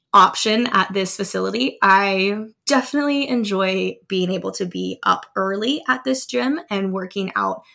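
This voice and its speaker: A woman's voice: mid-range voice, gravelly, a bit bright. A woman in her thirties hosting a motivational podcast, telling a personal story in an upbeat way and laughing often. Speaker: podcast host.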